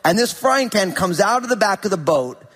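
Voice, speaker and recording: A man preaching a sermon as a pastor, telling a story in an animated way and acting out the people in it. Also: sits high, normal speed. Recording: hall reverb.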